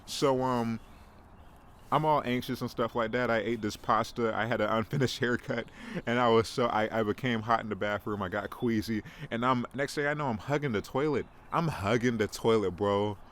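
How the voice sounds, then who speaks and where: A man's voice: mid-range voice, slight background noise. A young man hosting a casual podcast monologue, rambling and self-mocking, often stammering and repeating words. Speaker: podcast host.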